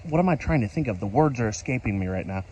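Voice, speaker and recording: A man's voice: mid-range voice, fast talker, dull audio, slight background noise. Tired, chatty man rambling outside. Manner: chatty, excitable, talks to himself, mild self-censored cursing. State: tired from staying up all night. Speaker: vlogger. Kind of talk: casual rambling vlog commentary. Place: outdoors on a top step in a rainstorm. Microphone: handheld camera. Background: rain falling.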